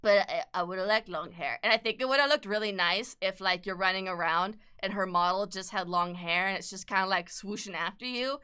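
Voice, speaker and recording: A young adult woman chatting casually on an art livestream, excitable and gushing, swearing freely and laughing often. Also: mid-range voice, fairly quick, hardly any pauses, clean tone. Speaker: artist livestreamer. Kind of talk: casual chat while drawing.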